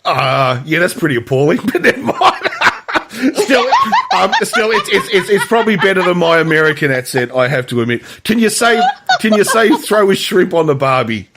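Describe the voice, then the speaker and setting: A man's voice: high-pitched, normal speed, slight background noise. An Australian man hosting a film podcast, chatting casually and animatedly with frequent chuckles. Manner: animated, chuckling, hesitant restarts. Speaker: podcast host. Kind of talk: casual chat.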